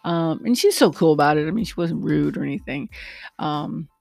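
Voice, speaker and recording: Chatty woman with a gravelly voice. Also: deep voice, moderate pace, no room sound. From lives in Texas. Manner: chatty, rambling, animated. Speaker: vlogger and rideshare driver. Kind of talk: casual chat to camera.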